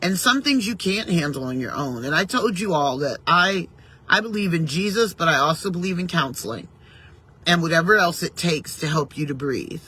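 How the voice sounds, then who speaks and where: Husky woman giving morning encouragement. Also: on the low side, expressive, moderate pace. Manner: warm, reflective, conversational, with gentle faith references. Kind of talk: casual motivational talk.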